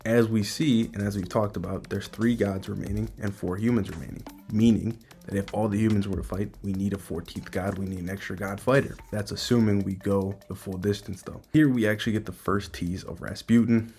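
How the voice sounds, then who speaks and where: A man's voice: fairly low pitch, fairly even intonation, a little fast, few pauses, darkish tone, soft background music. A man giving an enthusiastic, speculative casual breakdown of a manga chapter.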